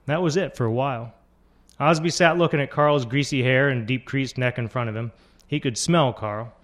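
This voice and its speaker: A man narrating literary fiction in a steady, measured reading voice. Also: medium pitch.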